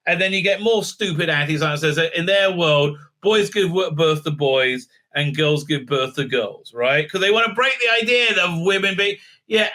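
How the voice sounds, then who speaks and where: A man's voice: high-pitched, sharp tone. A man hosting a casual spoken review, talking sarcastically, with many filler sounds and mocking impressions. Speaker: show host reviewing episodes.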